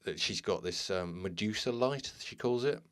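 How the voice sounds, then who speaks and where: Podcast guy, really deep voice, rambling story with lots of ums. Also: normal speed, fairly bright tone. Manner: retells a transcript with many ums and uhs, lifting his voice for quoted people. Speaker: podcast host. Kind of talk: casual storytelling.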